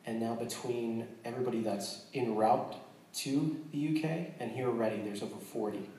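An American man shares his testimony with a congregation, earnest but quick to joke, often restarting his sentences. He sounds set back from the mic, in a hall with heavy echo. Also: mid-range voice, warm tone, recorded from a distance. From United States. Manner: earnest and joking, with frequent restarts. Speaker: missionary speaking to a church.

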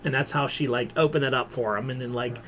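A man's voice: medium pitch, steady tone, fast talker, a bit bright, a little hiss or hum. A man on a casual podcast who retells a comic-book plot with lots of "like" and brief quoted voices. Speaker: podcast co-host. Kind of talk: casual chat.

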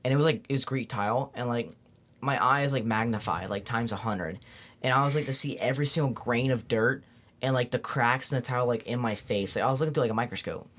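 Young male podcast guest, rapid-fire, rambling and excitable, casual chat. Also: medium pitch. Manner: rambling, excitable, heavy on "like" and "bro".

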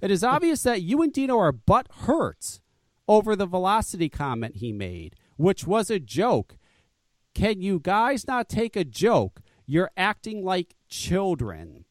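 A man's voice: sits high, big pitch swings, a little slow, no room sound. A man co-hosting a podcast, ranting angrily and swearing emphatically as he reads and answers a comment. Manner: angry, profane, emphatic ranting. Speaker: podcast co-host. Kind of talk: heated podcast rant.

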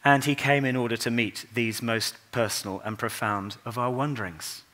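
Bright-voiced man giving a sermon. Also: medium pitch, fairly even intonation. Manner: earnest, unhurried storytelling with soft, quiet passages. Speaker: preacher. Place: church.

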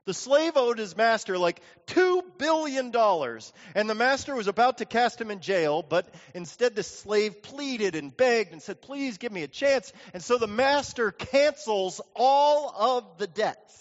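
A man's voice: high voice, animated, a little slow, few pauses. A man preaching a sermon in a church sanctuary, telling stories and acting out the people he quotes. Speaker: pastor. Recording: dull lo-fi audio with long hall reverb.

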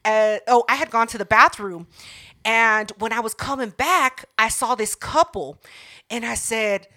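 A woman's voice: on the high side, measured pace, bright, forceful tone. A woman co-hosting a podcast, swearing freely and laughing often as she tells a story in casual chat. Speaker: podcast co-host.

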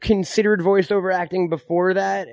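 A man hosts a podcast, firing off questions and crude jokes and cutting into his guest's answers. His voice sits a bit high for a man. The recording is dry and close. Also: fairly even intonation, normal speed, vocal fry, no room sound. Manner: joking, crude, interrupting. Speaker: podcast host. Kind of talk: casual interview chat.

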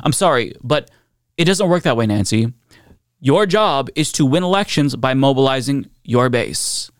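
A man's voice: medium pitch, lively intonation, moderate pace, dry recording, studio quality. A man hosting a political commentary show, talking bluntly and sarcastically with frequent profanity.

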